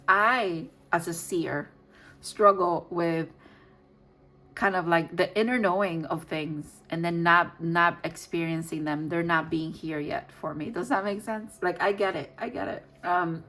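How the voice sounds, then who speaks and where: Woman w a lowish voice doing a chatty tarot reading, rambles, restarts a lot, laughs softly here n there. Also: a little slow, low-quality recording. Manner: rambling and self-correcting, thinks out loud; frequent soft laughter. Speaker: tarot reader. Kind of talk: casual tarot reading to viewers.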